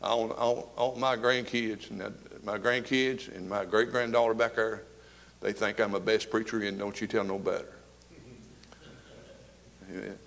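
A man, preaching a fervent sermon to his congregation, swinging between loud and soft. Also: fairly low pitch, steady tone, moderate pace, creaky. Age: 70s. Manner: fervent preaching with rising and falling volume. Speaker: pastor. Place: church sanctuary with congregation.

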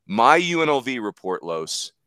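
A man hosting a podcast in casual, rambling chat, quick to joke. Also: mid-range voice, sing-song, pushed and bright, clean tone, dry recording. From Philadelphia area. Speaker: podcast host.

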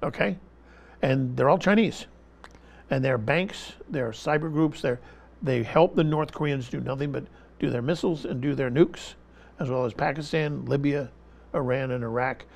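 Emphatic man with a gravelly voice. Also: medium pitch, moderate pace. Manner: emphatic, repeats his point, talks over interruptions. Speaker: interview guest. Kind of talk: impassioned political commentary.

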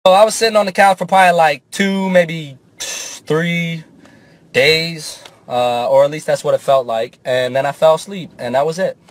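A young man telling a comic story in a casual, profane, animated way, often switching into character voices. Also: fairly high pitch, normal speed, background noise. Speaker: comedian.

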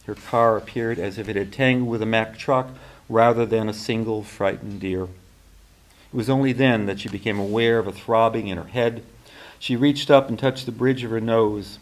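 Man, author reading fiction, measured, deliberate, mid-pitched voice, university reading. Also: rough recording. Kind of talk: reading his novel aloud.

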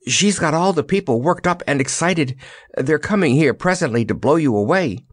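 A man's voice: a little high, lively intonation, moderate pace, no room sound, clean studio sound, voice pushed up. A man voicing a timid, loyal young boy messenger in a storybook reading. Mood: timid earnest.

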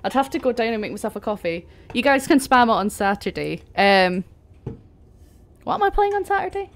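A woman's voice: on the high side, big pitch swings, fairly quick, a little hiss or hum. A young woman chatting casually while streaming a game, laughing often and swearing now and then. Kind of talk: casual chat while gaming.

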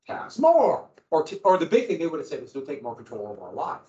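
A man teaching a history class, lecturing in an animated way and quizzing his students as he goes. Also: medium pitch, rapid-fire. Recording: echoey room, dull lo-fi sound.

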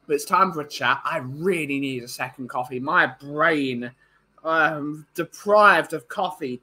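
A man's voice: fairly high pitch, bright, forceful tone, low-quality recording. A tired man, hosting a casual livestream and chatting as he reads out viewers' greetings. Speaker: livestream host.

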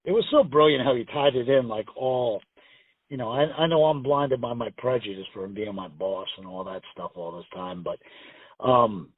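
A husky-voiced pro wrestler, medium in pitch and normal in pace, joins a call-in interview over a tinny phone line with no echo, completely dry. He spins rambling, profane anecdotes, performing the quoted lines himself.

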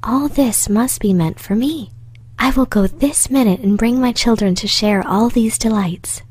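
Fearful fairy-tale merchant, a father, gentle and pleading, warm mellow tone, woman reading. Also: fairly high pitch, a little slow, slightly rough. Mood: delighted. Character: frightened pleading middle-aged merchant, a father.

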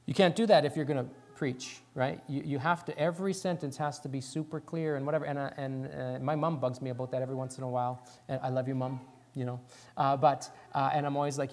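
A male pastor preaching a sermon in church, talking quickly and excitedly and sometimes dropping words. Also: fairly high pitch. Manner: talks fast and excitedly, drops words.

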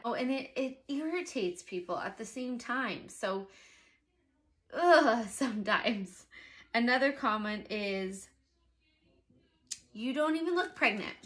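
Speaking in a mid-range voice, a young pregnant woman vlogs casually to the camera. Her asides come out animated and exasperated.

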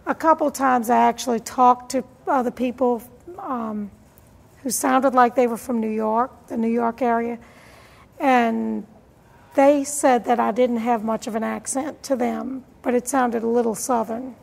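A woman's voice: on the high side, steady tone, measured pace, gravelly. A woman explaining her thoughts in an interview. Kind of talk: casual conversation. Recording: reverberant room.

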